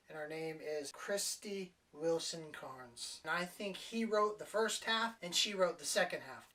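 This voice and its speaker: A woman's voice: fairly low pitch, a bit bright, distant mic, low-quality recording. Blunt, sarcastic woman reviewing a film. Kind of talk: casual spoken movie review.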